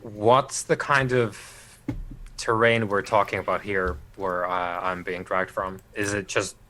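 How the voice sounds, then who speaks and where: A man playing a tabletop game, planning his character's moves in a halting, thinking-aloud way. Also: fairly low pitch, steady tone, pushed and bright, slight background noise, poor audio. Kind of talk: casual game talk.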